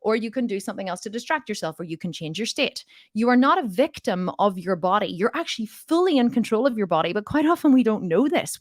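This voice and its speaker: A woman's voice: fairly high pitch, sing-song, a little fast, hardly any pauses, no echo, studio quality. A woman coaching on mindset in a casual, frank way, telling stories and acting out both sides of conversations.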